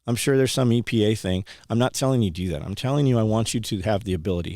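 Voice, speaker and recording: A low, gravelly man's voice, recorded dry and close with no room sound. He talks casually and bluntly, like a homesteading host urging listeners to go buy land. His delivery is plain-spoken and preachy, and he means every word. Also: racing, few pauses, darkish tone, dry recording. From California, USA. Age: 30s or older. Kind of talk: casual motivational talk.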